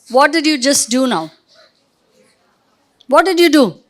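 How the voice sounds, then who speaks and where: High-voiced woman leading a workshop. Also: animated, faint music behind. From India. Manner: directive, quizzing the audience with quick questions. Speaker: workshop trainer. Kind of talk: interactive training session. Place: training room with a live audience. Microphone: podium microphone.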